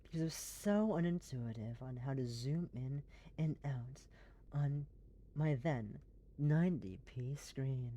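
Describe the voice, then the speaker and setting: A game streamer chatting casually on a live stream, rambling and excitable, swearing freely, in an airy put-on voice. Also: medium pitch, a little slow.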